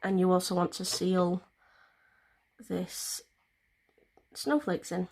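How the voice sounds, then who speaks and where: A woman's voice: lowish voice, takes it slowly, vocal fry, darkish tone. A woman vlogger, explaining a nail tutorial in a chatty, rambling way with plenty of fillers. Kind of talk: casual step-by-step tutorial.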